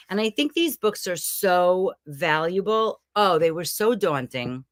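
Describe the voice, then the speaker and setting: A woman's voice: fairly low pitch, unhurried, hardly any pauses, no room sound, clean studio sound. A middle-aged woman from Brooklyn, chatting casually and rambling a little as she hosts a motivational challenge from a room at home. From Brooklyn, New York. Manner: chatty, animated, rambling with asides. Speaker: host of a self-help challenge series. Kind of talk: casual motivational talk to camera.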